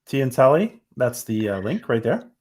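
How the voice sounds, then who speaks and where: A man hosting a casual live-stream review, relaxed and enthusiastic, often pausing with fillers. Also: mid-range voice. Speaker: show host.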